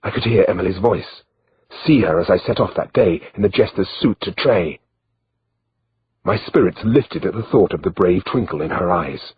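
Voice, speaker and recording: Male audiobook narrator, low steady read, slightly dull recording, faint hiss. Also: normal speed.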